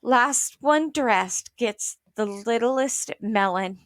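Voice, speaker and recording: A woman voicing a sleepy, jovial father in a children's storybook, gently scolding and reasoning. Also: on the high side, very slow, no room sound.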